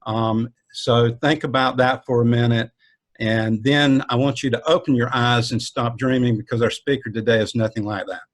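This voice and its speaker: Halting Southern man opening a conference. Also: medium pitch, fairly even intonation. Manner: halting, with many ums and uhs. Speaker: conference host.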